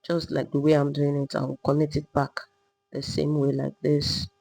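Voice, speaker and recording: A woman teaching a step-by-step sewing tutorial, calmly talking through each move while she drafts and cuts a pattern. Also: low-pitched, moderate pace, creaky, low-quality recording. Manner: patient, repetitive demonstrating, talking while working. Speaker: sewing instructor.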